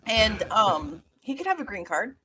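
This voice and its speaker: A woman's voice: mid-range voice, very animated, a little slow, pushed and bright. A woman co-hosting a podcast, talking casually and searching for words as she goes. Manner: rambling, searches for words, many fillers. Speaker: podcast co-host. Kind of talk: casual chat.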